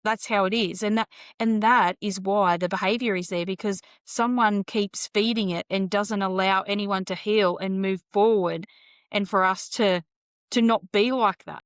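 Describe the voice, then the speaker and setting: A woman calmly and patiently explains her view in casual chat. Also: mid-range voice, moderate pace, no room sound, studio quality.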